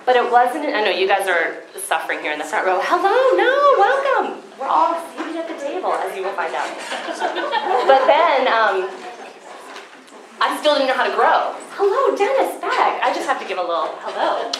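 A woman giving a personal testimony talk to an audience, heartfelt and sometimes tearful, pausing to greet people as they come in. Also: medium pitch, very animated, background noise. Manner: warm, tearful, greets latecomers. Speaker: speaker at a Christian gathering. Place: room with an audience. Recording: echoey room, faint ambience.

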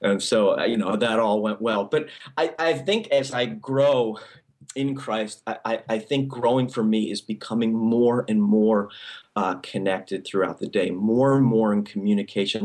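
A man's voice: medium pitch, animated, unhurried. A male pastor giving a sermon in a conversational style, with many restarts and frequent "okay?" check-ins to the congregation.

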